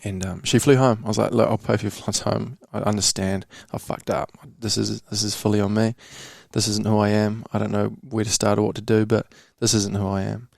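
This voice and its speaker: A man's voice: lowish voice, little pitch movement, a little fast, gravelly, hardly any pauses, darkish tone, no room sound, clean studio sound. A young man from New Zealand telling a candid personal story on a casual podcast, slangy and swearing, calling the host bro. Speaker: podcast guest.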